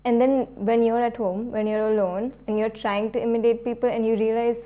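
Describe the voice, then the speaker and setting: A woman's voice: on the high side, level tone, fairly quick, few pauses, dull audio. A young woman in her late teens hosting a podcast, telling a self-deprecating story in a chatty way with many fillers. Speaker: podcast host. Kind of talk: casual storytelling monologue.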